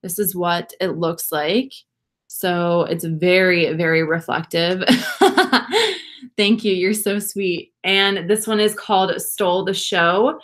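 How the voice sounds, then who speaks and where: A young woman, chatting warmly and gushing to viewers during a casual livestream makeup session. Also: lowish voice, takes it slowly. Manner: bubbly, gushing, laughs often, talks to viewers. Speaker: beauty vlogger.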